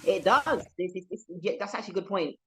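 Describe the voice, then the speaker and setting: A woman's voice: fast talker, rough recording. A young woman comedian with a London accent, chatting in a podcast interview and acting out the people in her stories. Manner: animated storyteller, voices quoted people, lively pitch jumps. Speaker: comedian guest.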